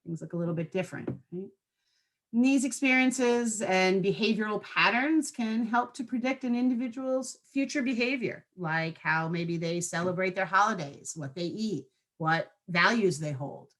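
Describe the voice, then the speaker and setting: Woman trainer, conversational, mid-pitched, keeps checking in with the group. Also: normal speed, a bit bright. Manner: conversational, checks in with frequent tag questions. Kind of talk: online training presentation.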